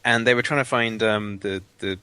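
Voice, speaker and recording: Bright-voiced man telling rambling stories. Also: lowish voice, steady tone, normal speed, clean tone, no echo. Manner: rambling storyteller, repeats words. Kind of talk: casual chat.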